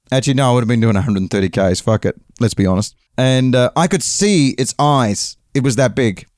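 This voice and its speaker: A man's voice: medium pitch, darkish tone, no echo, studio quality. A man with an English accent telling a long, rambling story casually, with frequent swearing and self-corrections. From England.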